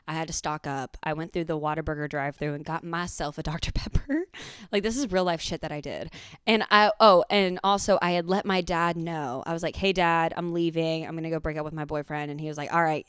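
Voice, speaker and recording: A woman, hosting a podcast and telling a profane, animated story in casual chat. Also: low voice, smooth, no room sound, clean studio sound. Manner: animated, profane, acts out quotes. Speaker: podcast host.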